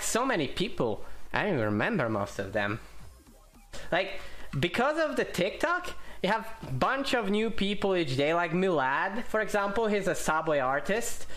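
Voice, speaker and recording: A man who is not a native English speaker, rambling and joking as he plays and talks over a game. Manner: rambling, jokey, swears at the game, lively swings in pitch. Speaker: gamer streamer. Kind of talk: casual gameplay commentary.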